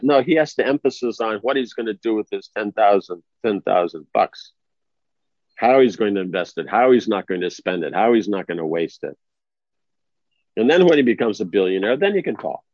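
Speaking at a normal pace in a lowish, animated voice with a darkish tone, this man delivers a casual spiritual talk and keeps asking whether his audience is with him. There's no echo, and the sound is dry, lo-fi, and a little dull.

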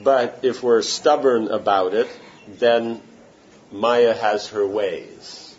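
In a slightly muffled recording with faint background room noise, a man gives an informal devotional talk. As a spiritual teacher, he's conversational and regularly asks whether he's making sense. His voice is lowish and steady, and he takes his time.

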